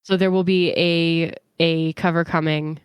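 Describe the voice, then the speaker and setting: A woman co-hosting a podcast in casual chat, speaking thoughtfully with frequent "um" pauses. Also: lowish voice, little pitch movement, smooth, no echo, clean studio sound. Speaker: podcast co-host.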